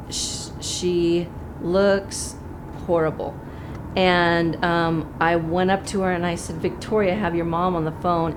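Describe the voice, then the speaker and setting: A woman recounting events in an interview, matter-of-fact and steady. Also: fairly low pitch, noisy background. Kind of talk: interview recollection.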